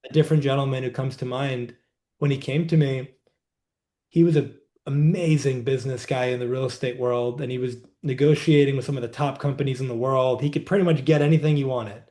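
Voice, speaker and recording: A man, a guest healer and coach, telling client stories in a measured, reflective way in a podcast interview. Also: mid-range voice, fairly even intonation, mellow.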